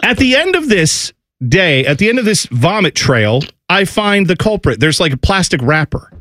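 A man in his thirties tells a chaotic family story on a morning show. His voice is a little high and swings up and down as he does his kids' voices. The sound is dry and close. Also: normal speed, no room sound. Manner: animated, acts out family voices, laughs while telling. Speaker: radio show co-host.

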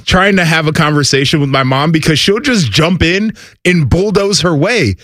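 A man from North Jersey co-hosting a casual chat, jumping in with quick agreement. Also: on the high side, expressive, a bit bright, no echo, studio quality. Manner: quick agreeing interjections, laughs often.

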